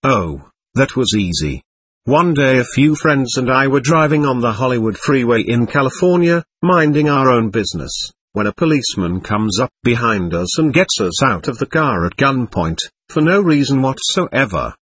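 An aloof young woman in her twenties, calm and evasive, who answers everything matter-of-factly, as a male storyteller reads her lines. The voice is husky, with a lively lilt, recorded close and dry with no room sound. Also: medium pitch, normal speed, no room sound.

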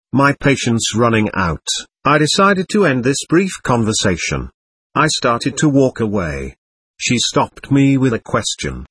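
A man narrates a first-person audiobook in a wry, storytelling way. His husky voice has an animated, wide-ranging pitch. The recording is close and dry, with no room sound. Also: unhurried, no room sound.

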